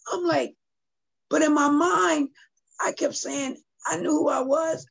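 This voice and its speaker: A woman's voice: high voice, fairly even intonation, slow, creaky, highs cut off. A middle-aged woman, a guest artist and poet, earnestly telling a personal story on a video call and speaking directly to her listeners.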